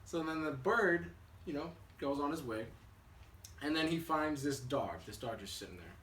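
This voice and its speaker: A young man casually telling a children's story for a class, relaxed and chatty, with fillers and restarts. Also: fairly high pitch, moderate pace. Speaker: student. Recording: echoey room, mic at a distance, faint hiss.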